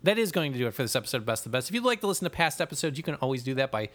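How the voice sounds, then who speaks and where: A man's voice: mid-range voice, rapid-fire. A man with a nasal Midwestern accent co-hosting a podcast in casual, swearing banter. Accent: American Midwestern. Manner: animated, swearing, laughing. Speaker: podcast co-host.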